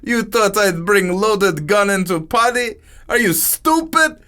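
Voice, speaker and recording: Man voicing a sneering thug with broken english, higher and lively, slow taunting delivery, story reading. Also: exaggerated voice. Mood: mocking. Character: menacing foreign party guy, broken English, taunting.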